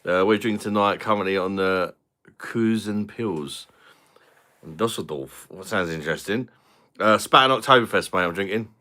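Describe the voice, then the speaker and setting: A British man hosting a relaxed live stream, talking over drinks and reading out comments from viewers. His voice sits low, yet it has a bright, forceful edge. He chats loosely and swears freely. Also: normal speed. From London. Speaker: beer review channel host. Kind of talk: casual live-stream chat.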